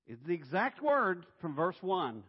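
A pastor delivers a sermon in a slightly high voice. He moves between quiet, intimate lines and loud, playful bursts. The recording is dull and carries a long room echo. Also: measured pace, husky. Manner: animated and playful, swinging between hushed and loud. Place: church sanctuary. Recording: reverberant hall, dull sound.

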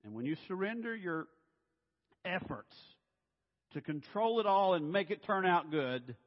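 A man preaching a sermon in a church, animated and playful, dropping to a hush and then rising loud. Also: high voice, a little slow. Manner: animated and playful, swinging between hushed and loud. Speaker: pastor. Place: church sanctuary. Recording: reverberant hall, dull sound.

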